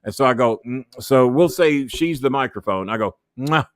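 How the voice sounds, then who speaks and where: Here a man who used to manage wrestlers swaps backstage stories as an interview guest, full of swearing and impressions of the people he quotes. His mid-range voice is expressive and moves at normal speed, recorded at studio quality with no room sound.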